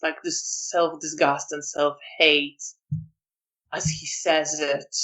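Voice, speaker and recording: A storyteller narrating a tabletop vampire game in a hesitant, softly descriptive way. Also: medium pitch.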